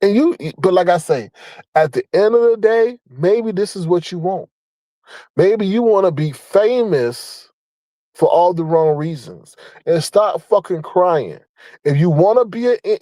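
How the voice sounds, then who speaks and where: A man's voice: high voice, lively intonation, unhurried, mellow, no room sound, rough recording. A man giving a blunt, profane commentary rant, scolding and mocking, repeating his points for emphasis. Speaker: online commentator. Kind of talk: ranting commentary.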